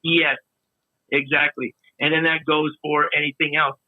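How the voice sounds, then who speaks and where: A man chatting casually as a podcast guest, relaxed and storytelling, often trailing off mid-sentence. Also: fairly high pitch, a little slow, no room sound. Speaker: guest videographer. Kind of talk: casual chat. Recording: tinny phone-like line.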